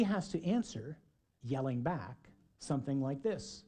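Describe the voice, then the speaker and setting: Husky-voiced man preaching a sermon. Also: mid-range voice, expressive, measured pace. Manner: dramatic, acts out shouted dialogue.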